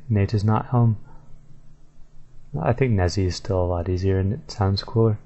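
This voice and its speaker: A man's voice: fairly low pitch, dark tone, dull audio. A man talking casually to his viewers, easygoing and thinking aloud with fillers and self-corrections. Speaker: video creator. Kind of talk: casual commentary video.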